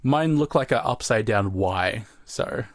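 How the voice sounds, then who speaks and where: A man's voice: medium pitch, lively intonation, unhurried, no echo, clean studio sound. A young man co-hosting a podcast, chatting casually in a rambling, jokey, profane way. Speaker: podcast co-host. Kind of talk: casual chat.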